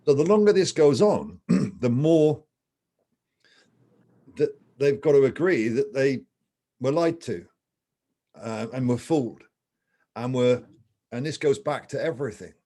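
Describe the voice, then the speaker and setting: A man's voice: mid-range voice, lively intonation, a little slow, pauses often, mellow. A man co-hosting a casual chat, thinking aloud and arguing his point with casual swearing. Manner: musing, argumentative, swears casually. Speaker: podcast co-host.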